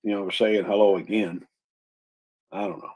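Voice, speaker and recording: A man with a Southern US accent co-hosting a casual live stream, greeting viewers by name in a relaxed drawl. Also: lowish voice, normal speed, poor audio. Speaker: co-host.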